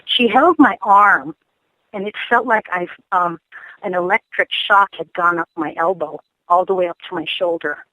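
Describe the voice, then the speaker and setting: A woman caller telling a ghost story on a radio call-in show, lively and full of ums and restarts. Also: fairly low pitch, normal speed, dry recording, poor audio. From Hawaii. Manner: animated storytelling, acting out her own quoted lines; hesitant, frequent ums and restarts.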